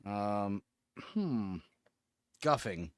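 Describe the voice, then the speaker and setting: A man's voice: fairly low pitch, expressive, extremely slow, heavy background noise. A man co-hosting a casual podcast, joking wryly as he comments on a show he is watching. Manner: wry, joking, muses aloud. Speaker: podcast co-host.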